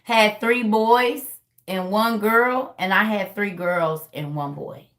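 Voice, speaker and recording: A woman's voice: medium pitch, takes it slowly, a bit bright. A woman hosting a video call, chatting casually in a colloquial, talkative way. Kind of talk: casual chat.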